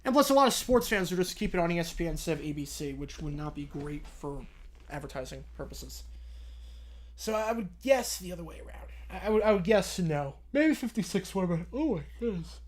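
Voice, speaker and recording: A man's voice: on the high side, lively intonation, fairly quick. A young man hosting a live stream, chatting casually with viewers and answering their questions, rambling and correcting himself, drowsy and yawning.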